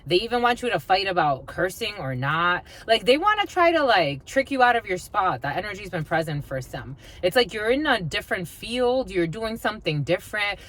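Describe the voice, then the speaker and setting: A woman's voice: mid-range voice, big pitch swings, moderate pace, few pauses, fairly bright tone. A woman giving a casual tarot reading, chatty and blunt, swearing freely and laughing as she talks. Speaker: tarot reader.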